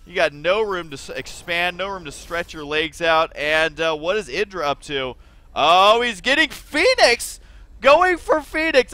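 A man's voice: high-pitched, pushed and bright. A young man casting a strategy game match, joking and teasing the players while he explains their mistakes. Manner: joking, teasing, mock-scolding. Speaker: game caster. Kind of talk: esports play-by-play commentary.

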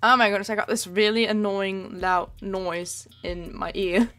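A woman's voice: mid-range voice, steady tone, a little slow, a bit bright. A young woman streaming a game, chatting playfully, giggling and making silly noises. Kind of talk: casual chat while gaming.

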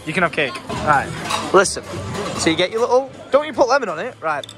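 A young man hosting his vlog, chatting excitedly and laughing often over a meal in a busy restaurant. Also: high-pitched, brisk. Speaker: vlogger host. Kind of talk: casual chat. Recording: noisy restaurant with music and chatter.

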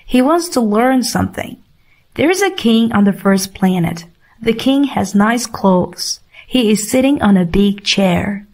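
A woman reading a simple storybook aloud for English learners, clear and deliberate. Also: medium pitch, lively intonation, a little mellow. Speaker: audiobook reader.

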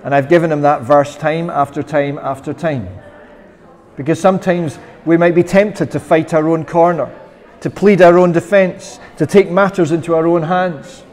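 This Scottish minister's sermon is earnest, and when he quotes prayers his voice turns impassioned. He speaks at normal speed in a slightly high, darkish voice with fairly even intonation, heard through a church's long reverb.

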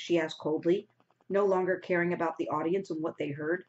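A woman's voice: fairly low pitch, steady tone, normal speed, a little mellow. A woman teacher reading a novel aloud to her class, stopping now and then to explain words in a casual way. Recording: dull lo-fi recording.

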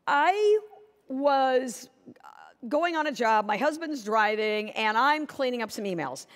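A woman's voice: high voice, lively intonation, slow pace. A woman giving a conference keynote, telling a story and acting out both sides of a conversation. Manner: storytelling, acting out dialogue with shifting voices. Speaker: keynote speaker. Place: conference hall stage. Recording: echoey conference hall.

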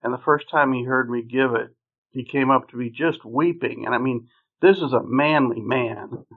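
A man's voice: mid-range voice, moderate pace. A man, a podcast guest, telling his life story earnestly and vividly. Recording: phone-like narrow sound.

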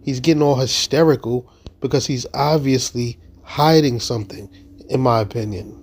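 A man's voice: medium pitch, moderate pace, darkish tone. A man giving casual, incredulous commentary over a video clip. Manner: incredulous, judgmental. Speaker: reaction commentator.

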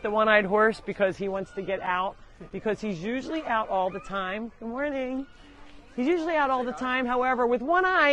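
A woman hosting a live show from her animal sanctuary, chatting casually outdoors and loudly scolding the animals. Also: mid-range voice. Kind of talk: casual live-stream chat. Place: outdoors on a farm among animals.

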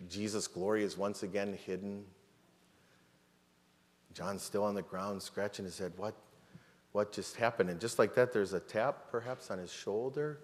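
A man preaching a sermon as pastor, retelling a story dramatically with many rhetorical questions and repeated words. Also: on the low side. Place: church sanctuary. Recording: long church reverb.

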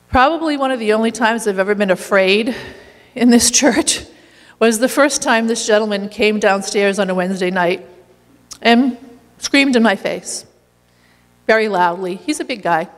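A woman sharing a lively personal story in a church, laughing now and then as she talks. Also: medium pitch, moderate pace, pauses often, in a large hall. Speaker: community meal volunteer leader.

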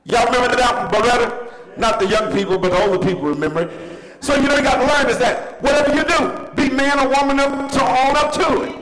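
Middle-aged male preacher with a very high voice, shouting call-and-response questions, in a church hall with long reverb. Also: quick pace. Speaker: pastor. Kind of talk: preaching a sermon. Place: church sanctuary.

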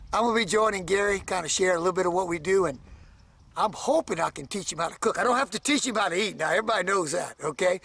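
Fishing captain on a boat, gravelly, a bit high, folksy and excited. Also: male voice. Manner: folksy, enthusiastic, laughs while talking. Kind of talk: casual promo on a boat.

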